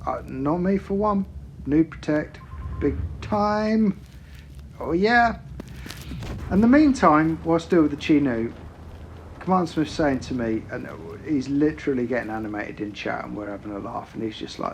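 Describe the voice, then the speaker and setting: A man's voice: fairly high pitch, animated, normal speed, slight background noise. A man giving sarcastic, swearing commentary over his own tank gameplay, mock-quoting his teammate in exaggerated voices. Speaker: gaming YouTuber.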